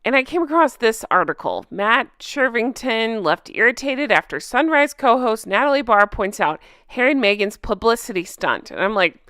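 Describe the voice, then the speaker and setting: A woman hosting her own commentary channel, ranting in a sarcastic, exasperated, animated way. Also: a little high, normal speed, smooth, no echo, studio quality.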